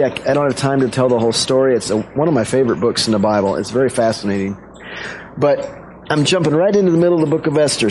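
A man delivering a sermon as a pastor, talking through an old story in a casual, conversational tone. His voice is mid-pitched and plain, with faint background noise. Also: darkish tone, poor audio.

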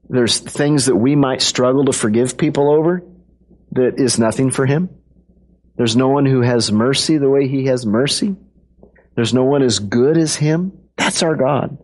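Guy preaching to a church crowd, chatty and playful, mid-pitched voice. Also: a little mellow. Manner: conversational and playful, acts out kids' voices. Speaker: pastor. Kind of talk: sermon.

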